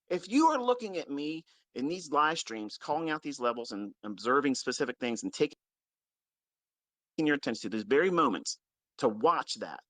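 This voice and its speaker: A man's voice: medium pitch, big pitch swings, moderate pace, bright, forceful tone, dry recording. A man teaching trading, scolding his followers in a blunt, heavily profane rant and repeating his points for emphasis. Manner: stresses points by repeating them. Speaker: trading mentor. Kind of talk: unscripted ranting lecture to followers.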